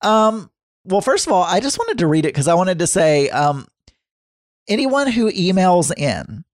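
A man's voice: high voice, very animated, unhurried, no room sound, studio quality. A man hosting a casual solo show, rambling with frequent restarts and self-corrections. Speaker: podcast host.

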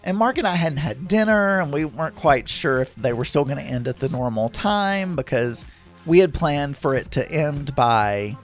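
A man's voice: on the high side, lively intonation, normal speed, soft background music. A man casually telling a rambling story, with many restarts and asides.

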